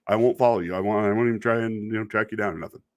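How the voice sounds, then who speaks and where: A man's voice: fairly low pitch, fairly even intonation, very fast, lo-fi sound. A middle-aged man hosting a casual video talk, rambling in a wry, exasperated way and laughing at himself now and then. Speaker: video podcast host. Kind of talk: casual monologue about online commenters.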